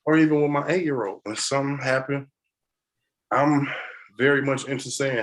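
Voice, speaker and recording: A man talking as a podcast guest in a casual conversation, an animated storyteller who laughs often. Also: medium pitch, moderate pace, pauses often, poor audio.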